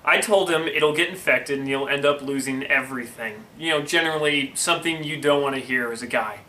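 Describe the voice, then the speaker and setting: A man's voice: medium pitch, fairly quick, few pauses, bright, forceful tone. A young man hosting a comedy show, reading a friend's story with wry asides and rambling tangents. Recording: echoey room with faint noise.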